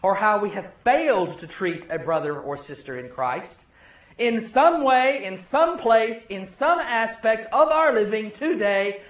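A pastor delivers a sermon in a church, a man with a fairly high voice who speaks slowly and leans hard on repetition. His delivery is dramatic and emphatic, and the room gives his words a noticeable echo. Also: sing-song.

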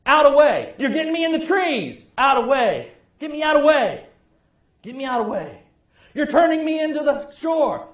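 A man's voice: extremely high pitch, big pitch swings, normal speed, roomy sound, dull audio, pitched above the performer's own voice. A man playing a bossy barking granddad. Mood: yelling. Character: gruff older grandfather yelling from a canoe.

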